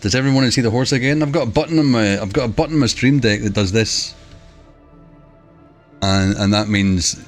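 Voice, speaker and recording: A man's voice: fairly low pitch, brisk, soft background music. A man rambling and joking with his chat while live-streaming a game, wearing a headset. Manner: rambling, jokey, talks to chat. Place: home room.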